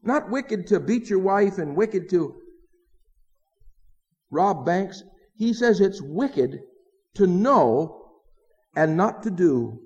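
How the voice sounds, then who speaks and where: A man with a high voice preaches earnestly and with emphasis, pressing his listeners with rhetorical questions. His voice rings through a large hall with a long reverb, and the recording sounds dull and lo-fi. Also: expressive, slow pace, pauses often, a little mellow, husky. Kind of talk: sermon.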